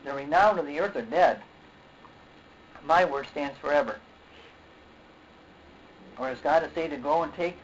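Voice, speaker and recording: A man preaching a sermon in a halting way, repeating words, often saying okay and clearing his throat. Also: on the high side. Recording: dull lo-fi recording with faint noise.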